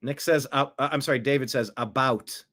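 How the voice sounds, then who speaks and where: A man hosting casual political commentary, animated and jokey, reading out viewer comments. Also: medium pitch, fast talker. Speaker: commentary host.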